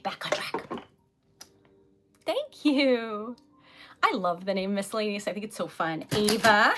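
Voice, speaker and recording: Her voice sits a little high, bright and pushed, with a faint hiss or hum behind it. This livestreaming poet and craft seller, a young woman with a Rhode Island accent, chats casually with viewers, giggly and easily distracted.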